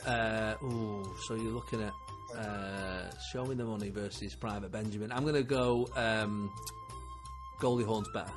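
A comedian guest in casual chat, an animated storyteller who laughs often. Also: male voice, fairly low pitch, normal speed, over music.

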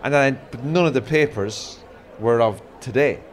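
A man with an Irish accent telling rambling, animated stories in a casual chat. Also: medium pitch, normal speed. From Ireland.

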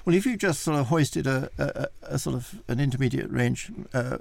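A male commentator thinks aloud in a rambling, thoughtful way, full of ums and uhs. His voice is gravelly with a lot of fry. The sound is dry and close to the mic. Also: medium pitch, moderate pace, no echo. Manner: thoughtful, rambling, many fillers. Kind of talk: radio news interview.

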